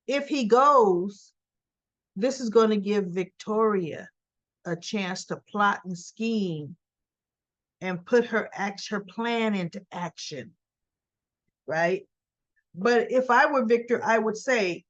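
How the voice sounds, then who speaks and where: A woman with a fairly high voice recaps soap opera episodes at an unhurried pace, acting out the characters' lines as she goes. Her asides are opinionated and chatty. The recording sounds dull and lo-fi. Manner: animated storyteller, quotes characters in dialogue, opinionated asides. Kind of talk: casual recap retelling scenes.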